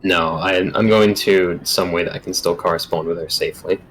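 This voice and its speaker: A man's voice: sits low, steady tone, moderate pace, a bit bright, slight background noise, rough recording. A man playing in a tabletop game, casually and earnestly explaining his character's plans. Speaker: player.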